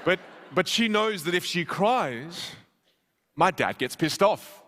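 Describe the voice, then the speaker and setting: Bright, animated male keynote storyteller. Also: high voice, a little hiss or hum. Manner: animated, self-mocking, with quick restarts. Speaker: keynote speaker. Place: conference stage.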